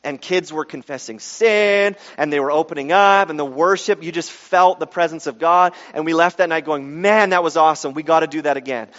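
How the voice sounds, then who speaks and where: Male pastor, sermon, highish voice, hushed to emphatic, long hall echo. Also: a little fast, hardly any pauses. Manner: shifts from hushed reflection to loud emphatic pleading. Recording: dull sound in a reverberant hall.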